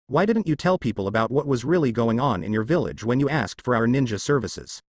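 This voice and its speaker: A man voicing a gentle, shy young female ninja in a soft, polite way, in a fan story read aloud. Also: medium pitch, animated, a little fast, natural voice.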